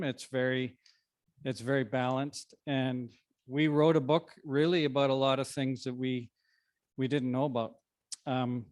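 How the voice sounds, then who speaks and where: A man, a co-author, speaking at a book launch in an informal, conversational way with frequent pauses and restarts. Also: medium pitch, no echo, studio quality. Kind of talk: informal presentation to an audience. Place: library event room.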